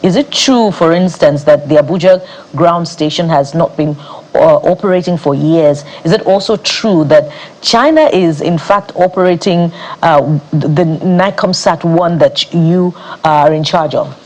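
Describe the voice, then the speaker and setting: A Nigerian woman co-anchoring a TV news interview, asking pointed, measured questions. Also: on the low side, darkish tone, rough recording.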